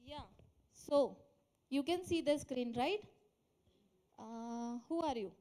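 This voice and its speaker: High-voiced Indian woman teacher. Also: slow pace, dark tone. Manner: encouraging, quizzing students, mixing Hindi and English. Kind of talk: classroom English lesson. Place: classroom.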